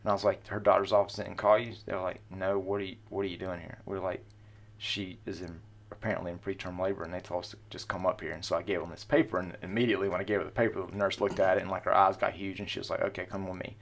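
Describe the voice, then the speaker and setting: A man's voice: sits low, flat delivery, quick pace, gravelly, a little hiss or hum. A middle-aged man casually telling the story of his family, rambling with lots of fillers. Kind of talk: personal storytelling.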